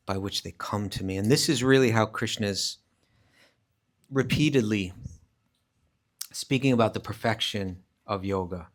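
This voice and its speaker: Emphatic low-voiced man teaching scripture. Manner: emphatic, explains step by step with frequent restarts; recites verses in Sanskrit. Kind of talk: live scripture class lecture. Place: class at a rural retreat centre.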